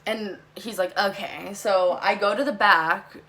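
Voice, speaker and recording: Bright-voiced young woman telling a story. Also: mid-range voice. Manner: fast, animated, swearing, many fillers like "like". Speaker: vlogger. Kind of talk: storytime vlog.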